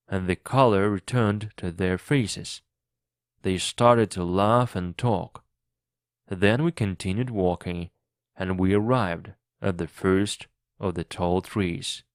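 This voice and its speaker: A man narrating a story in clear, deliberate English for learners. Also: low voice, dry recording, studio quality. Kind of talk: slow audiobook reading for learners.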